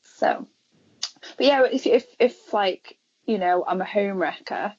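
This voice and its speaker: A woman's voice: mid-range voice, slow pace, darkish tone, dry recording, highs cut off. A woman from near Chester with a Liverpool accent, chatting casually on a podcast and telling stories with lots of restarts. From England (Chester area). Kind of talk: casual chat.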